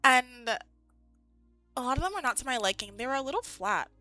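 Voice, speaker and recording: A woman's voice: sits high, expressive, moderate pace, bright, forceful tone, dry recording, soft background music. A woman streaming live, chatting casually with viewers in a rambling, giggly way, full of "like".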